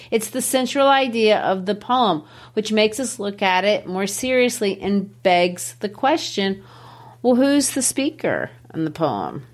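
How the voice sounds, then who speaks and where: Woman teacher and podcast host, mid pitch, animated and emphatic when explaining a poem.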